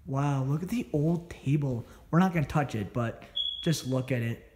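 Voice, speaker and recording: A man's voice: medium pitch, normal speed, reverberant, noisy background. A man narrating as he explores an abandoned house, a bit out of breath, rambling and often correcting himself, filmed on a phone. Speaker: urban explorer vlogger. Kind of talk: casual walkthrough narration. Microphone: phone held while filming.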